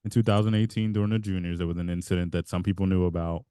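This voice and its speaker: This podcast co-host races through a rambling, self-interrupting story in casual conversation, laughing mid-sentence. His low voice is steady, warm, clear, and resonant, captured in clean studio sound without echo.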